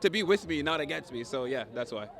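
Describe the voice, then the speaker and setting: Give me a relaxed, laughing man with an animated voice at a busy premiere. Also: a little high, fast. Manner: laid-back, laughing, teasing. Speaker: cast member. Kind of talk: casual red carpet chat. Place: outdoor red carpet premiere. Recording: loud crowd behind.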